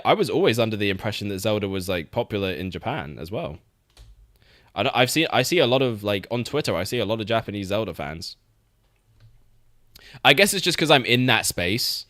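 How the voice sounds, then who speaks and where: A man's voice: on the low side, sing-song, a little fast, a bit bright, dry recording, studio quality. A young man streaming, chatting casually about games, swearing freely and laughing often. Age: young adult. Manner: laid-back, swears, laughs often, repeats words.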